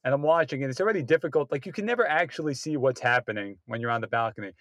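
A man's voice: medium pitch, lively intonation, very fast, no echo. A man in a casual chat, telling long rambling anecdotes that keep restarting, and punching up the quoted lines. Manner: rambling, self-interrupting anecdotes with loud acted quotes. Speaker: guest comedy writer.

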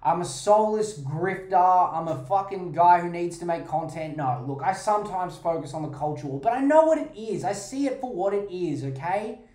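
A woman's voice: lowish voice, lively intonation, normal speed, few pauses, mellow, roomy sound. A woman hosting a podcast, ranting in a heated, sarcastic way with plenty of swearing. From Australia. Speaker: podcast host.

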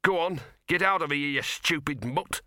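A man voicing a small cynical talking mongrel dog that grumbles in a slow, gruff way. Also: on the high side, pushed and bright, no room sound, studio quality, pitched above the performer's own voice. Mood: urgent.

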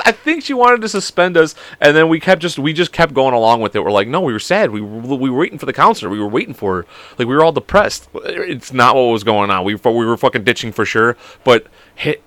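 A young man hosting his own podcast, telling high school stories in a rambling, profane way and laughing at them. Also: a bit bright, no echo. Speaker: podcast host. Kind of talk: casual storytelling monologue.

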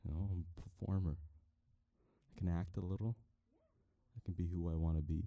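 A young man rambling playfully while testing a microphone, now and then breaking into loud shouts. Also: deep voice, steady tone, a little fast, creaky, no echo, dull audio. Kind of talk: casual mic-testing rambling.

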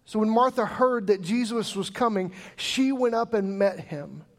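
A pastor delivers a sermon in a church sanctuary, his voice sitting high for a man. He tells the story with animated storytelling, acting out the voices of the people in it as he goes. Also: moderate pace.

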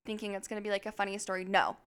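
A woman co-hosting a podcast, telling a story in an animated, chatty way and swearing freely. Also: mid-range voice, rapid-fire, clean tone. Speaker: podcast co-host. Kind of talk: casual storytelling chat.

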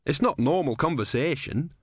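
An honest, timid young novice monk, read by a man. He speaks earnestly, with some hesitation. The voice is lively and the recording dry. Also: on the high side, moderate pace, dry recording, pitched above the performer's own voice. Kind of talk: audiobook character voice.

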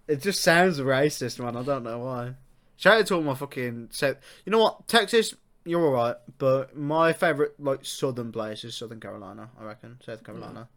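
A young man hosting a podcast in casual chat, loud, swearing and laughing often. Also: medium pitch, animated, normal speed. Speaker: podcast host.

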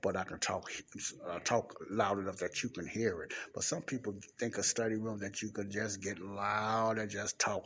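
A man gives an informal Bible teaching for a podcast from a library study room, speaking low and quiet right up close to the mic in a creaky voice. He rambles, repeating and restarting words, while faint traffic passes in the background.

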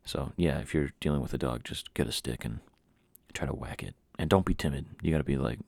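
Gravelly low-voiced man rambling a story. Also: brisk, dry recording. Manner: rambling, animated, mocking asides. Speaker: podcast host. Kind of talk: casual storytelling monologue.

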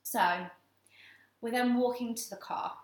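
A young woman co-hosting a podcast, telling a story in casual chat, animated and laughing, swearing freely. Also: a little high, unhurried. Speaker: podcast co-host. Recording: echoey room.

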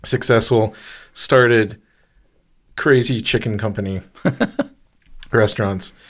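A man's voice: lowish voice, slow. A man co-hosting a podcast in casual chat, rambling and restarting his sentences, laughing at his own jokes. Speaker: podcast co-host.

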